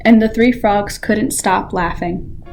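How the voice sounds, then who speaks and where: A teenage girl volunteer reading a children's picture book aloud with expressive storytelling. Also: medium pitch, slow, creaky, faint music behind. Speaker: library volunteer reader.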